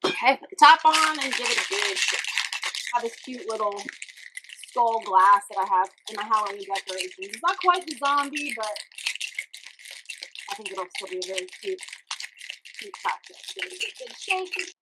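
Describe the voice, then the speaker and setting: A woman's voice: fairly high pitch, expressive, normal speed, pauses often, heavy background noise. A young woman from Louisiana hosting a casual cocktail demonstration in a home kitchen, talking to the viewer in a chatty, upbeat way as she mixes. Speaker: cooking show host.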